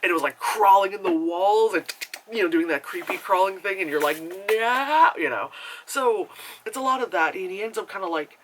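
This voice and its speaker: A man's voice: sits high, fairly quick, background noise. A man gives a casual movie review, rambling with lots of fillers and acting out the characters' lines. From New York. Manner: animated storyteller, acts out quotes. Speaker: film reviewer.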